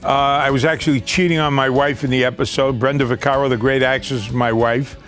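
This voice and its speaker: A man's voice: mid-range voice, level tone, a little fast, fairly bright tone. An older man, a veteran actor, reminiscing in a documentary interview, rambling with fillers and restarts. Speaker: actor recalling his career.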